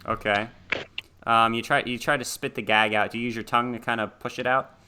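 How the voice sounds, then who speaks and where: A man's voice: mid-range voice, fairly even intonation, fairly quick, sharp tone, a little hiss or hum. A man narrating a tabletop horror game as game master, casual, with laughing asides and many ums.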